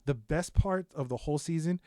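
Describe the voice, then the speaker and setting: A young man co-hosting a podcast, chatting casually about shows with lots of swearing and animated storytelling. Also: a little high, brisk, dry recording, clean studio sound. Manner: animated, profane, loud bursts of laughter-filled storytelling. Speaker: podcast co-host. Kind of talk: casual chat, reviewing shows.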